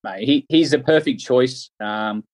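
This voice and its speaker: A man's voice: medium pitch, measured pace, rough recording. A man with an Australian accent, a former cricketer, telling anecdotes in a casual podcast chat. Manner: anecdotal storyteller.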